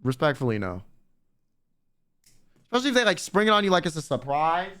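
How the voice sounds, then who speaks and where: A man's voice: high-pitched, racing, smooth. Young guy streamer ranting to chat, swears a ton, voice jumps all over the place. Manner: slangy, blunt, animated, swears a lot.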